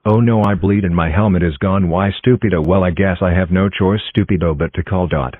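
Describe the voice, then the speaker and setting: A man doing a taunting astronaut bully, boastful and name-calling, with a very low, husky voice. It is a dull, lo-fi home recording with dry sound. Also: fairly quick, no room sound.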